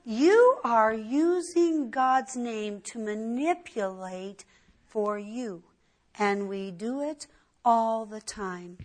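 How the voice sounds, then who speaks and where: Slow, earnest woman preaching a sermon. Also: on the high side, darkish tone. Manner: earnest and emphatic, often rising sharply for stress. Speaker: Bible teacher.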